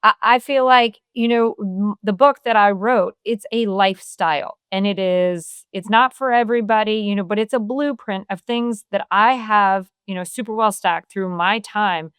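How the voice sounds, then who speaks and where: A middle-aged woman speaks as a podcast guest, in an earnest and open way that leans on filler phrases. Her tone is smooth and clean. The sound is close and dry, with no room around it. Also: medium pitch, moderate pace, few pauses, fairly bright tone, dry recording. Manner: earnest, open, many "you know" fillers. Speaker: podcast guest, wellness author. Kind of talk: casual conversational interview.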